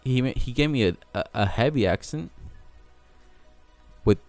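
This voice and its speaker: A man's voice: mid-range voice, expressive, moderate pace, darkish tone, no echo, faint music behind. A young man with a Mexican American accent, rambling casually in a vlog, interrupting himself and swearing now and then. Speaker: vlogger.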